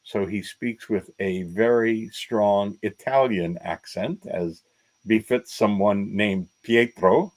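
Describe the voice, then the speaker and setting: A man's voice: on the low side, takes it slowly, low-quality recording. An American man co-hosting a podcast, introducing a guest in a wry, chatty way. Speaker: podcast co-host. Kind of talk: podcast chat.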